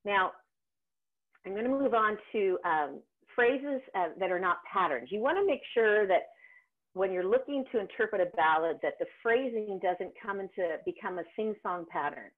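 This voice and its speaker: A woman vocal coach leads an online singing workshop over a video call, warm and encouraging as she talks. Her voice sits in a middle register and comes through a narrow, tinny, phone-like line. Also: mid-range voice, lively intonation, normal speed. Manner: warm, encouraging, with frequent ums and restarts.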